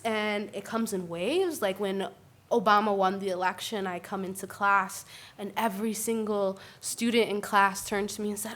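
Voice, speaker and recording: Bright animated woman on a panel. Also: medium pitch, moderate pace. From Puerto Rican family. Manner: animated, tags points with "right?". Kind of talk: panel discussion.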